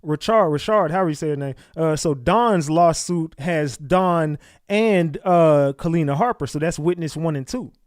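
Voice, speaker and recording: A man's voice: on the high side, normal speed, no room sound. A man hosting a casual livestream, talking over gossip and firing rhetorical questions at viewers. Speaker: livestream host.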